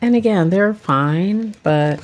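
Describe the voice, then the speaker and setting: A woman's voice: medium pitch, expressive, slow pace, darkish tone, a little hiss or hum. A woman chatting casually about her tarot decks, rambling and saying "like" a lot. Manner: chatty, rambling, says "like" often. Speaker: tarot reader and vlogger. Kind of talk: casual chat.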